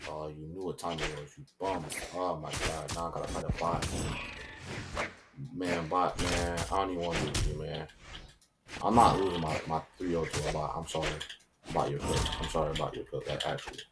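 A young man, hosting a gameplay channel, trash-talking opponents and shouting when matches heat up. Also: deep voice, noisy background. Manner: excitable trash talk, shouts and taunts when fighting. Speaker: gaming channel host. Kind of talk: gameplay commentary.

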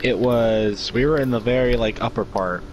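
A man's voice: mid-range voice, normal speed, a little hiss or hum, rough recording. A young man, co-hosting a casual podcast, rambling through his own stories with many fillers. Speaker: podcast co-host. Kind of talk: casual storytelling chat.

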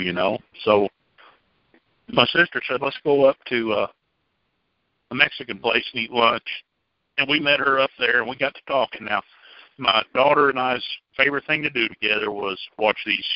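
Low-voiced man telling his testimony. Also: no echo. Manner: folksy, plainspoken storytelling. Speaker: church member giving testimony. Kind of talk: personal testimony told to a group. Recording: dull, dry lo-fi recording.

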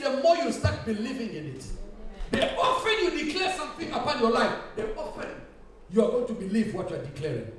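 High-voiced man preaching in an echoey hall. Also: sing-song, fairly quick. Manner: preaching with rising shouts and laughter, repeating phrases. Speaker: pastor. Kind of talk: sermon. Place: church hall. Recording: echoey church hall from far off, faint hiss.

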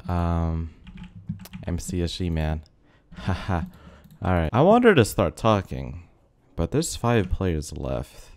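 A young gaming video host rambles through laid-back commentary over gameplay, leaning heavily on filler words. Being sick has left his low voice a bit rough, and he talks slowly. Faint music plays in the background.

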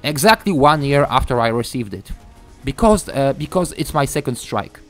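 A young man giving a ranting gameplay commentary, frustrated and swearing, halting with many fillers. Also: mid-range voice, expressive, fairly bright tone, soft background music. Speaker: gaming YouTuber.

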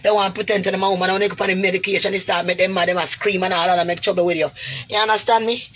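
A woman's voice: mid-range voice, fairly even intonation, racing, a bit bright, slight background noise. A woman from Jamaica with a Jamaican accent, vlogging to her viewers in an emotional, pleading monologue full of creole grammar. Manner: heavy creole grammar, pleading and preachy, calls viewers goody. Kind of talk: emotional direct-to-camera monologue.

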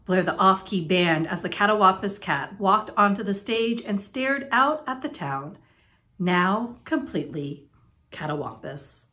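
Woman, storybook read-aloud, playful, expressive, slow, sing-song pitch. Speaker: picture book reader.

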